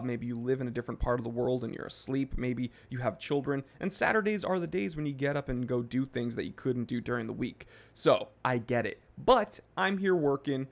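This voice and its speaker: A man's voice: mid-range voice, fairly quick, few pauses. Jokey man in his thirties, livestream host. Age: 30s. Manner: jokey, reads viewer comments aloud. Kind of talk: casual live chat reading.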